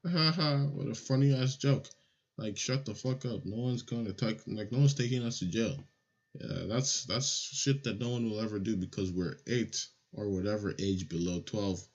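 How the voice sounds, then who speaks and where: A young man from Nigeria telling a childhood story in a casual, animated, profane way. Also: fairly low pitch, normal speed. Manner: animated, swears a lot, acts out voices. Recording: lo-fi audio.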